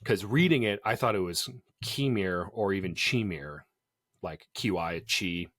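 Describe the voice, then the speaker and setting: Chatty podcast man, low voice. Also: normal speed, no echo, studio quality. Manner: animated, chatty, laughs often. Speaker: podcast co-host. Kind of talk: casual podcast chat.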